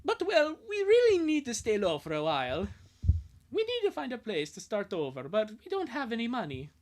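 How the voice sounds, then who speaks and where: A woman's voice: fairly high pitch, wildly swooping pitch, moderate pace, a little mellow, pitched above the performer's own voice. A woman voicing an earnest young boy on the run, asking for help in a pleading tone during a fan reading.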